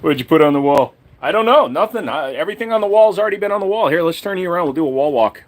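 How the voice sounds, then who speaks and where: A man's voice: a little high, lively intonation, racing. A man hosting a casual live stream, joking crudely and swearing as he shows off his collection and talks to chat.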